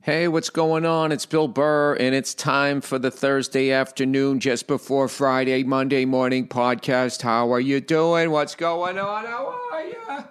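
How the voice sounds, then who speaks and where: A man's voice: medium pitch, flat delivery, unhurried, few pauses, clear, resonant tone. A man hosting a podcast, ranting comedically in a profane, sarcastic, rambling way. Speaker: podcast host. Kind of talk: comedic rant.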